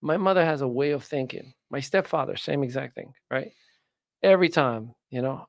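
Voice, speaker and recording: A man's voice: mid-range voice, moderate pace, no room sound. A man hosts a casual talk on personal growth, with a mid-range voice recorded close and dry. He tells his stories with energy and acts out what other people said to him. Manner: animated storyteller, acts out quoted voices. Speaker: host, personal growth speaker. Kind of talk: casual chat.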